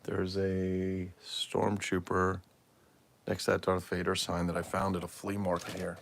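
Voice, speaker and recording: Low gravelly-voiced man chatting live. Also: monotone, unhurried. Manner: rambling, answers viewer comments aloud. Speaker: livestream host and toy collector. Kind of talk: casual live-stream chat. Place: home room full of collectibles.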